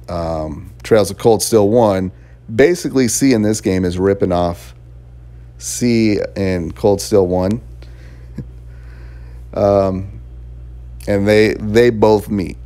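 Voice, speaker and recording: In a mellow, lowish voice, a man chats his way through a rambling review of a video game. He laughs often between thoughts and leans on fillers and restarts.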